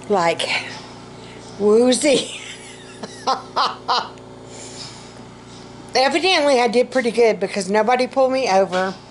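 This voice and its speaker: Lady vlogging at home, slow and rambly, a bit out of breath, faint hum behind. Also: a little high, rough recording. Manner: rambling, self-mocking, laughs often. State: short of breath. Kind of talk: casual health vlog.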